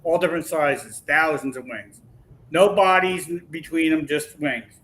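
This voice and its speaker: Man, guest storyteller, animated, bright forceful voice, slightly high pitch, faint background hum. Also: unhurried, low-quality recording. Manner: animated, acts out quoted voices. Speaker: podcast guest. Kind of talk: casual storytelling.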